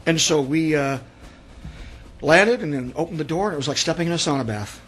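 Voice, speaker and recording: A man's voice: on the high side, fairly quick, fairly bright tone, rough recording. A man in his sixties, a veteran guest on a radio interview, telling his stories in a rambling way and often repeating words. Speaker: guest, Vietnam veteran author. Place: radio studio.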